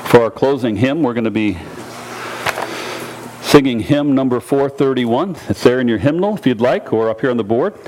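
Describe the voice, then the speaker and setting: A pastor preaching a sermon in a church, earnest and direct, repeating key phrases and putting questions to the congregation. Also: male voice, medium pitch, animated, moderate pace, background noise.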